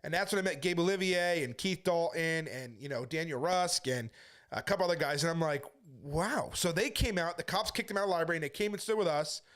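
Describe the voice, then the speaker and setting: High-voiced man telling a story. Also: a bit bright. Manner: brisk retelling full of quoted back-and-forth. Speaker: street preacher. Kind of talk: casual storytelling monologue.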